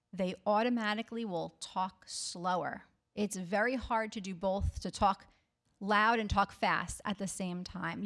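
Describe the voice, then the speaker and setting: A woman speech therapist giving a health talk to the public, reassuring and often checking in with "okay?". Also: medium pitch. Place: library talk.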